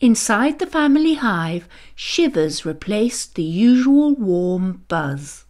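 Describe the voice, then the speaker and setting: A woman narrating a children's bedtime story, gentle, expressive and soothing. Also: medium pitch, slow pace.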